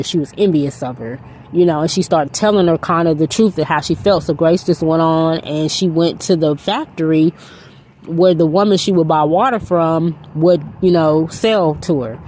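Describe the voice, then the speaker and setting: A woman's voice: deep voice, normal speed, darkish tone. A woman casually and earnestly retelling a film's story as a faith vlogger, rambling with frequent "you know".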